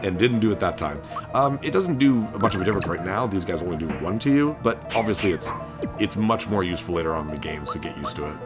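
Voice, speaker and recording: A man hosting a let's-play, chatting excitedly through his gameplay and laughing often. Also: deep voice, fast talker. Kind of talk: gameplay commentary. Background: game music.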